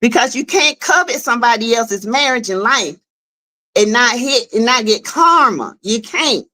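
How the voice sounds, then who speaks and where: A woman with a Southern US accent giving animated, casual livestream commentary on a web skit series, talking straight to viewers. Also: a little high, moderate pace. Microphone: streaming setup.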